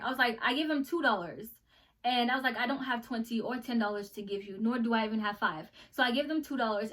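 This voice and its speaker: Lively, high-voiced American woman vlogger. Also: distant mic. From United States. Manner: animated, acts out voices in the story. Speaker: travel vlogger. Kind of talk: casual storytelling vlog.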